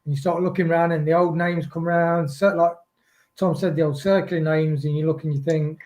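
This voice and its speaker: A man's voice: on the high side, steady tone, a little fast, a little mellow. A man on a football fan panel, talking in rambling, musing stretches with frequent restarts. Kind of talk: casual football podcast chat.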